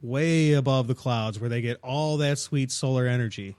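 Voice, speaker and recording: A man's voice: mid-range voice, moderate pace, darkish tone, no room sound, studio quality. A man co-hosting a casual podcast, explaining things with frequent restarts and hesitations. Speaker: podcast co-host. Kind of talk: casual chat.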